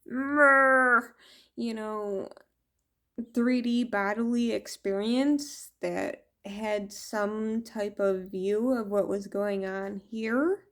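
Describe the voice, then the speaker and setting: Woman tarot reader, unhurried, loose and chatty, laughs and curses. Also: mid-range voice, steady tone, fairly bright tone. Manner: laughing, swearing, rambling storyteller. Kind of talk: casual monologue to camera.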